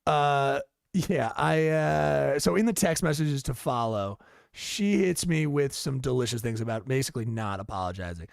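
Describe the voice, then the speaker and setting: A man's voice: medium pitch, moderate pace, gravelly, no echo. A man co-hosting a podcast, telling stories in a rambling, profane way with many fillers. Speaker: podcast co-host. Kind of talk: casual podcast chat. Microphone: studio podcast mic.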